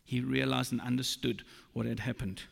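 A man preaching a sermon, slow and emphatic, quoting scripture. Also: mid-range voice, steady tone, creaky, breathy edge. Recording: long reverb of a large hall.

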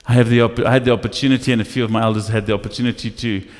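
Man, pastor, sermon, animated storytelling, long reverb from a church hall. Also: medium pitch, racing. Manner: animated storytelling with acted asides.

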